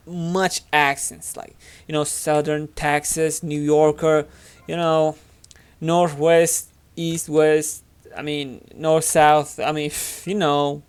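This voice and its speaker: Chatty Turkish-accented man, higher voice. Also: clean tone. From Turkey. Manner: rambling, filler-heavy, chatty. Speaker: gaming channel host. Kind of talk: casual gameplay commentary.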